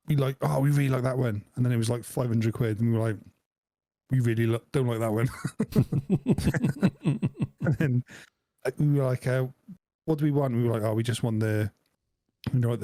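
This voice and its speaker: A man's voice: mid-range voice, steady tone, normal speed, long pauses, mellow, no room sound. A man, co-hosting a podcast in a jokey, laughing chat. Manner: jokey, laughs often, acts out voices in anecdotes. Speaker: podcast co-host. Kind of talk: casual chat.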